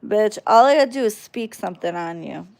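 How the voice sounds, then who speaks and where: A woman's voice: medium pitch, lively intonation, fairly quick, gravelly, darkish tone. A woman livestreaming casually, reading chat aloud and trash-talking viewers in a brash, drawling way.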